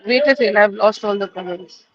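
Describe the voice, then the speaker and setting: A woman host with a hoarse, unwell voice, briskly reading viewer comments aloud and answering them in a casual live chat. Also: medium pitch, a crowd in the background. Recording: dull lo-fi stream audio.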